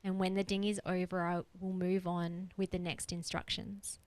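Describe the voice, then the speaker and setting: A woman's voice: fairly low pitch, level tone, normal speed, a little mellow, low-quality recording. A woman coach leading a guided exercise on a group coaching call, earnest and explanatory, repeating her key points. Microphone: video call.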